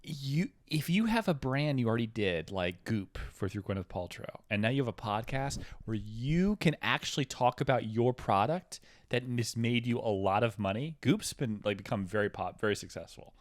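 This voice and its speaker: A man's voice: fairly low pitch, expressive, moderate pace, no room sound. A man co-hosting a comedy podcast, talking in profane, rambling banter. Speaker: podcast co-host.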